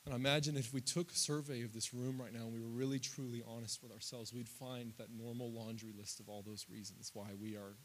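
A man in his thirties preaching a sermon, climbing loud and high through lists and quoted prayers, then dropping low and quiet. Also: little pitch movement, quick pace, hardly any pauses, slight background noise. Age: 30s. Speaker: pastor.

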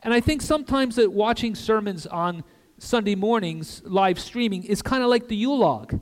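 An older man preaching an earnest sermon as a guest pastor in a church, with conversational asides and soft drops for emphasis. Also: high voice, animated, moderate pace. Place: church sanctuary. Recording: long reverb of a church hall.

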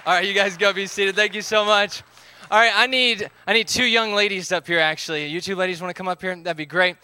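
A man's voice: high voice, steady tone, a little fast, bright, forceful tone, clean tone. A man, leading a live group game, upbeat as he calls out counts and instructions.

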